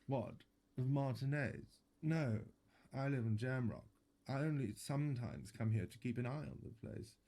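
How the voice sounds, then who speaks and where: A gravelly, dark-toned cafeteria manager, middle-aged and short on patience, as a man puts him on for a game playthrough. His lines come clipped and defensive. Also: mid-range voice, animated, moderate pace, voice pushed up. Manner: curt, defensive.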